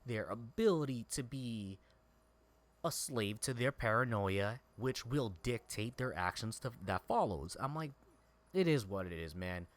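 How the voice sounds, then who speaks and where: A man's voice: mid-range voice, expressive, unhurried. Man ranting angrily while gaming. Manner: heated, profane and repetitive. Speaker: streamer. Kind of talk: angry personal rant over gameplay.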